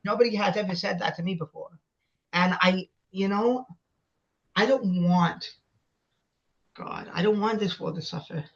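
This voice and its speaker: A man's voice: high voice, measured pace, gravelly, pauses often. A man in his twenties, a guest in an interview, talking with passion and insistence and repeating his points. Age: 20s. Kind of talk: emotional conversational interview. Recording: dull lo-fi audio.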